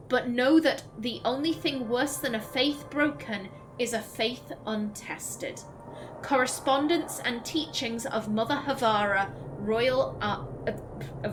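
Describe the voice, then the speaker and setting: A woman's voice: on the high side, a little hiss or hum, low-quality recording. A woman hosting a let's play, reading in-game poems and letters aloud and chatting emotionally between them. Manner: emotional, reads verse gently, then chats with quick laughing asides. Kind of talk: reading in-game texts aloud with casual commentary.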